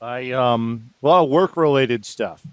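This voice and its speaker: A man co-hosting a podcast in casual chat, wry and sarcastic with a deadpan edge. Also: mid-range voice, unhurried, clean tone, no room sound. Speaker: podcast co-host.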